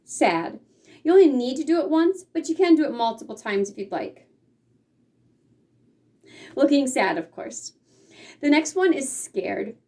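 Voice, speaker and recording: A woman with a fairly high voice explains things patiently, step by step, as a teacher would. She sometimes acts out the feelings she describes. Her voice is picked up from a little way off the mic. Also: animated, moderate pace, long pauses, dark tone, far from the mic. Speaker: sign language teacher. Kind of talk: casual instruction.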